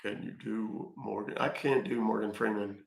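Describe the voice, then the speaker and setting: A man's voice: on the low side, steady tone, moderate pace, gravelly, reverberant. A man hosting a live stream, chatting casually and joking as he reads viewer comments aloud. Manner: chatty, joking, talks to chat.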